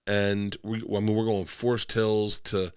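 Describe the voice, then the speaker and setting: A man's voice: fairly low pitch, little pitch movement, a little slow, clear, resonant tone, dry recording, clean studio sound. A man who is a touring stand-up comedian and podcast guest, telling rambling tour stories in casual chat, swearing freely and acting out other people's lines.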